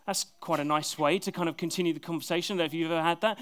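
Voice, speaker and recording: A man delivers a sermon, talking to his listeners in a loose, conversational way. His voice sits fairly high for a man and swings between quiet asides and sudden bursts of energy. He reads scripture aloud and keeps the tone lively. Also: quick pace, few pauses, smooth. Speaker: preacher.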